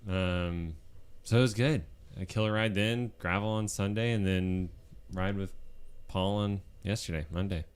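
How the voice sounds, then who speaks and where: Male co-host, very low smooth voice, relaxed and dry. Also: unhurried. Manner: laid-back, dry understatement. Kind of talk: casual chat.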